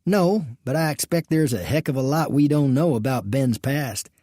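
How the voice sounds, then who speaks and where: A man's voice: medium pitch, normal speed, dark tone, no echo, studio quality, close to an everyday voice. A man voicing a cheerful, chatty male bartender with folksy speech in an audiobook western.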